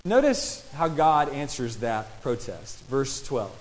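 A man's voice: medium pitch, very animated, slow, slight background noise. A man preaching a sermon and reading scripture, talking in a conversational way and putting questions to his listeners. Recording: long reverb in a large hall.

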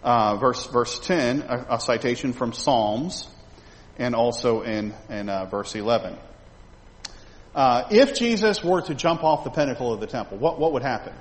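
Animated man teaching the Bible in a hall. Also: mid-range voice, normal speed. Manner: animated, conversational, asks the audience questions. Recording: reverberant hall with faint background noise.

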